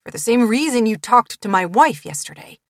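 A woman's voice: a little high, big pitch swings, fairly quick, no echo, clean studio sound, voice pushed up. A woman voicing a grown man on the phone in an audiobook, speaking curtly and defensively at first, then more easily. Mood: demanding.

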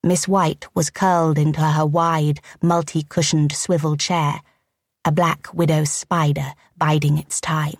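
Audiobook narration: a woman, low and gravelly, measured and arch, dry close sound. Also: little pitch movement, no echo. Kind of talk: scripted narration.

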